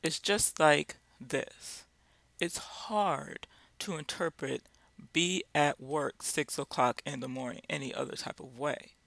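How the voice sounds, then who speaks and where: A man's voice: fairly high pitch, slow, vocal fry, fairly bright tone, no room sound. A man giving an informal Bible lesson, speaking directly and driving his points home with repeated rhetorical questions. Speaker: Bible teacher.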